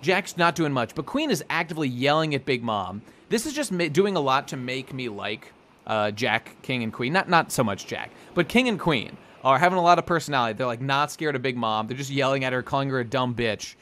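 A man's voice: medium pitch, animated, fairly quick, a bit bright, slight background noise. A man co-hosting a podcast in casual chat, rambling and swearing as he recaps and acts out bits of the story. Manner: rambling, profane, acts out characters' lines. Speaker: podcast co-host.

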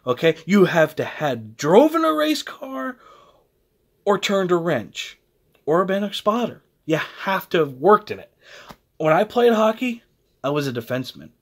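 A man's voice: high voice, sing-song, unhurried. A man hosting his own channel, delivering a blunt, heated, opinionated rant that keeps interrupting itself. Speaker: host.

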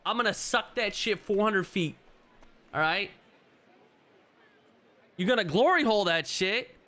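A man hosting a let's play video, reacting excitably and swearing while talking to his chat. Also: high-pitched, unhurried. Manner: excitable, profane, talks to chat. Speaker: gaming video host.

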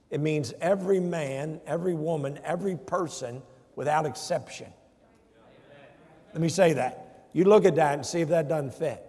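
A man's voice: a little high, darkish tone, slightly rough. A man, a pastor, preaching a sermon emphatically and putting rhetorical questions to his congregation in a church. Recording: long church reverb.

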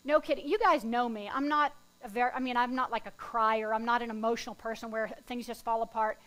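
A woman pastor preaching a sermon, telling personal stories in a lively, self-deprecating way before turning to scripture. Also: on the high side, a little fast. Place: church sanctuary.

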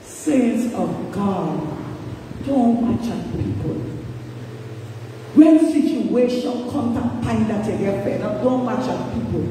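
Slow, mellow woman minister preaching in an echoey hall. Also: fairly high pitch, expressive. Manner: fervent repetitive preaching, calls out to the congregation. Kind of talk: sermon. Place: church sanctuary. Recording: echoey hall, distant mic, faint noise.

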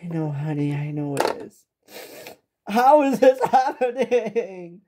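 A woman voicing a calm, reassuring middle-aged mother who talks gently and quietly in a toy-figure home drama. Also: mid-range voice, slow pace, slight background noise. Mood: soothing.

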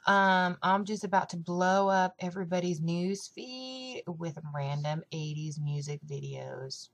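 A young woman talks straight to her camera in a loose, rambling way, scattering "like" and "um" through her sentences. Her voice sits a little low for a woman. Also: a little slow, a little hiss or hum. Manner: chatty, rambling, lots of "like" and "um". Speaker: vlogger. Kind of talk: casual weight-loss vlog chat.

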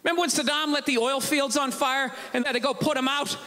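A man's voice: extremely high pitch, fairly even intonation, fast talker, bright, forceful tone, slight background noise. Ranting, sarcastic man doing stand-up. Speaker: stand-up comedian. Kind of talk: stand-up comedy. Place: comedy stage before live audience. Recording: live show with crowd laughter. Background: audience laughter and ambience.

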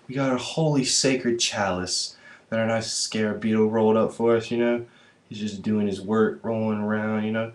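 A man vlogging in a rambling, profane, slangy way. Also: fairly low pitch. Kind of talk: rambling casual monologue to camera.

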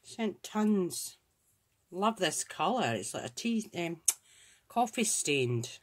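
Her voice is fairly low in pitch, very animated and slow-paced. She's a Scottish woman running a crafts channel, casually opening and examining craft supplies while thinking aloud and gushing admiringly.

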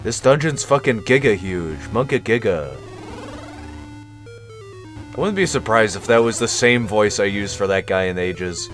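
A man's voice: fairly low pitch, lively intonation, a little slow, pauses often, soft background music. A man streaming a video game and commenting casually, with profane, self-mocking jokes.

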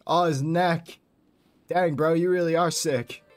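A man's voice: fairly high pitch, measured pace, soft background music. A man giving chatty, playful commentary over a video game recap. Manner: chatty, playful, lively asides. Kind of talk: casual commentary over gameplay.

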